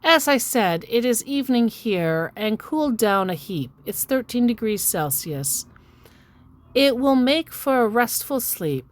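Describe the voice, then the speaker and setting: A woman's voice: on the high side, sing-song, unhurried, pitched above the performer's own voice. A woman reading aloud the chat messages of a male online scammer in her own plain voice, without putting on any accent.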